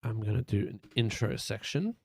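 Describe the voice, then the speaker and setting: His voice is fairly low, gravelly, and darkish, sing-song at a moderate pace, with no echo. Streaming live, he casually talks through a website layout while working, rambling, thinking aloud, and tossing in playful beeps.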